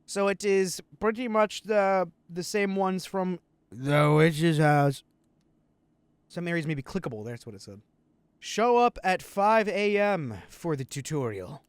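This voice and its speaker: A man's voice: high-pitched, animated, takes it slowly, clean tone, no echo. A man co-hosting a casual let's play, joking, swearing and trailing off mid-sentence. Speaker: gaming channel co-host.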